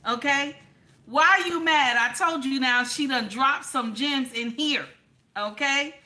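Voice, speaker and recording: A woman's voice: high voice, takes it slowly. A woman, host of a casual livestream who reads chat comments aloud and teases her viewers. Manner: animated, teasing, talks straight to chat viewers.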